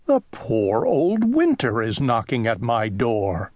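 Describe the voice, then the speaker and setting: A man voicing a fussy, kindly little male owl in a children's audiobook, in a high, excitable, sing-song voice. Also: takes it slowly, no room sound, exaggerated voice. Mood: fretful.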